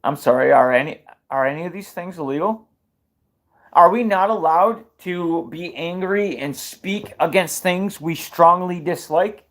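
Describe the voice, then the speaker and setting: Male streamer with a somewhat high voice, heated opinion talk, keeps restarting his sentences. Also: measured pace, a bit bright. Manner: fired-up, rhetorical questions, restarts mid-sentence. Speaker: livestream commentator. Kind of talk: opinionated livestream commentary.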